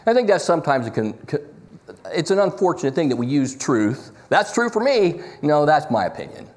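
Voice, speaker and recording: A man teaching a church Bible class, talky and lively, joking and wandering off his notes. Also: fairly high pitch, a little fast. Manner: lively, talky, jokes and goes off script.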